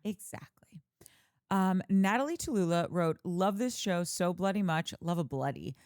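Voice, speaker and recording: A woman's voice: lowish voice, lively intonation, moderate pace, a little mellow, no echo, clean studio sound. A woman co-hosting a podcast, chatting casually and reading out listener comments. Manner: chatty, reads comments aloud. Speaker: podcast co-host.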